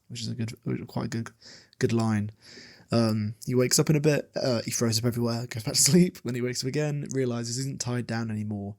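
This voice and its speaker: A man's voice: medium pitch, vocal fry, darkish tone. A man casually recapping a novel chapter for a podcast, rambling with many fillers and laughing often. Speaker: podcast host.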